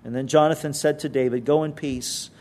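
High-voiced man preaching. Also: fairly even intonation, brisk, a little mellow. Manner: reads scripture then explains it conversationally, with emphatic retellings. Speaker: pastor. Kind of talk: sermon with scripture reading.

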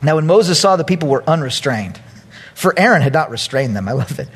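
A male pastor tells a story in his sermon with a husky, high voice. He swings his pitch widely and acts out every quote with loud, animated energy. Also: fairly quick.

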